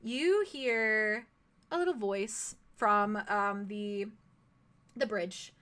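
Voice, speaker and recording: A woman's voice: medium pitch, extremely slow, fairly bright tone. A woman narrating a live-streamed tabletop game as game master, giggling and rambling through asides.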